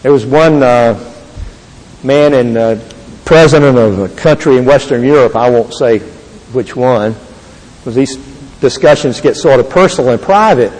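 An older man giving an earnest, halting Christian testimony to an audience. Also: mid-range voice, a little mellow. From Texas. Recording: long reverb of a large hall.

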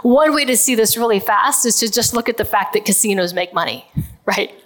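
A woman's voice: a little high, animated, a little fast, fairly bright tone. A woman giving a conversational physics lecture to a live audience, checking in with listeners and laughing lightly now and then. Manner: conversational, explains with everyday examples, checks in with "okay". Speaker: physicist giving a public talk.

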